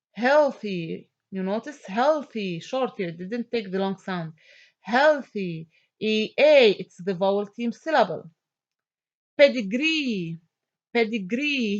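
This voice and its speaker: A woman teacher giving an online phonics lesson, repeating each word slowly and checking in with "okay?". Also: on the high side. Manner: slow, drawn-out word repetition with frequent "okay?" checks. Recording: dull lo-fi sound.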